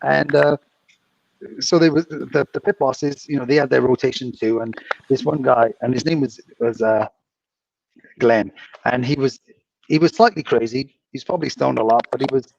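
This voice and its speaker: Gravelly man telling casino stories. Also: mid-range voice, normal speed, dry recording. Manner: animated anecdotes with acted-out quotes. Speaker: podcast co-host, former dealer. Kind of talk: casual chat, storytelling. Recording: distant, dull lo-fi mic with faint noise.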